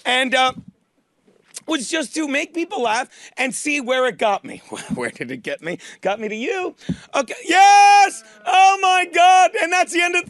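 Male radio host, very high voice, dry studio sound, rambling profane storyteller. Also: big pitch swings, measured pace, fairly bright tone, no echo. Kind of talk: crude comedy radio talk.

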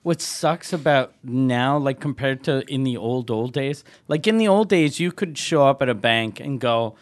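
A man with a mid-pitched voice chatting with friends. He chimes in with profane jokes and spins comic riffs on the conversation. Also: expressive, moderate pace, hardly any pauses. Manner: joking, profane asides. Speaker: participant in group chat. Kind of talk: casual chat.

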